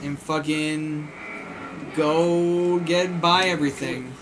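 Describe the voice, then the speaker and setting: Man, let's play co-host, slow unhurried talk, laid-back, swears casually, game music behind. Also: a little high, steady tone, noisy background. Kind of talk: casual gaming commentary.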